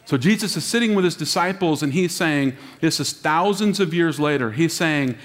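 Preaching man with a lively voice in a big hall. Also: on the high side, normal speed, few pauses. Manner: dramatic preaching, drops to a hush for emphasis; acts out quoted voices. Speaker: lead pastor. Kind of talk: sermon. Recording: long reverb of a large hall.

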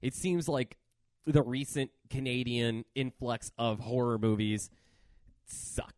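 Man, casual horror podcast chat, foul-mouthed and animated, dry sound. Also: medium pitch, takes it slowly, no echo. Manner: profane, ranting, animated. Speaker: podcast host.

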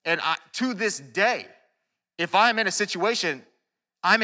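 A man preaching a sermon, earnest and animated, often restarting his phrases. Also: sits high, measured pace. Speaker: pastor. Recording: long hall reverb.

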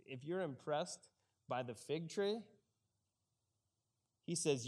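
A man's voice: medium pitch, expressive, unhurried, pauses often, darkish tone. A man preaching a conversational sermon and acting out the characters' lines as he retells the story. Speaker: pastor.

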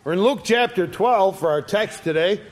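A man's voice: sits high, expressive, normal speed. An older retired man preaching a sermon in a folksy storytelling way, giving quoted lines a dramatic reading. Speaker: pastor.

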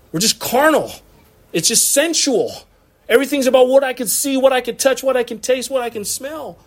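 Preaching a sermon in his church's sanctuary, this thirty-something pastor addresses the congregation in a relaxed, chatty manner. He has a fairly high voice for a man and breaks into laughter and brief asides between his points.

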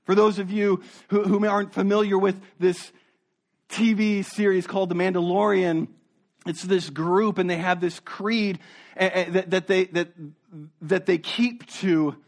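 A man preaching a sermon as a pastor, earnest, dropping low and soft for emphasis and often repeating words as he searches for them. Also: fairly even intonation, unhurried.

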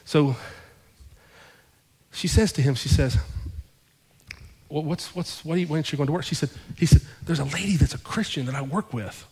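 A male pastor telling a story in a sermon, acting out both sides of the conversations with lively shifts in his voice. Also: a little high, normal speed, slightly rough. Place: church sanctuary. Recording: long hall reverb.

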